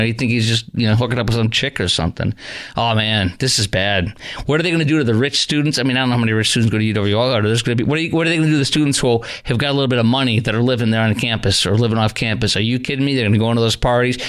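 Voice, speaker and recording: A man's voice: mid-range voice, fairly bright tone. Indignant rambling talk radio man. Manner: indignant, rambling, many fillers and restarts.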